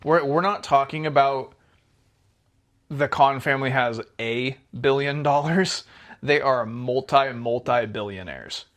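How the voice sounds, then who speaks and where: A young man with a medium voice co-hosts a casual podcast chat. He talks knowledgeably and at length, filling his pauses with ums and likes. His tone stays easygoing as he explains. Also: medium pitch, fairly bright tone. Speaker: podcast co-host.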